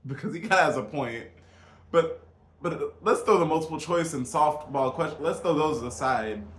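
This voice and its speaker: A man's voice: a little high, moderate pace. A man vlogging a casual, incredulous rant straight to his viewers, emphatic and calling them y'all. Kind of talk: casual political rant to camera. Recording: echoey room.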